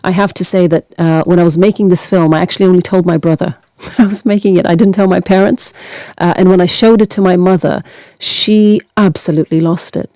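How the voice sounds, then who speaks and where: A woman filmmaker from Norway answering interview questions in a measured, reflective way, sometimes restarting her words. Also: lowish voice, fairly even intonation, mellow, no echo. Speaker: documentary filmmaker guest.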